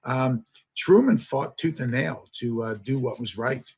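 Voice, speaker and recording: A man's voice: mid-range voice, a little slow, a little mellow, breathy edge. A man, a history professor, lecturing to an audience with enthusiastic storytelling and frequent filler sounds.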